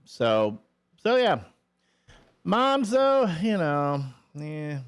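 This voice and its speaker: A man hosting a radio show in casual chat, acting out quotes with animated energy. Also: a little high, drawn-out words, clean tone. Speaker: radio host.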